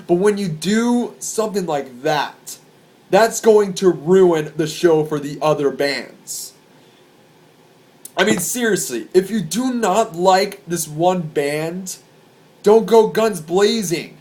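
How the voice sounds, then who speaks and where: Young male vlogger with a slightly high voice. Rambles through crowd stories, swears freely and gets excited. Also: takes it slowly. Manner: excitable, profane, rambling with restarts. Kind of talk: casual storytelling to camera.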